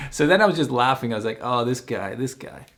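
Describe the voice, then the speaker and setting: Animated young man telling a story. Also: mid-range voice, fairly quick. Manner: animated, acts out quoted lines, frequent fillers and restarts. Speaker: travel vlogger telling a story. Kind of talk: casual storytelling to camera.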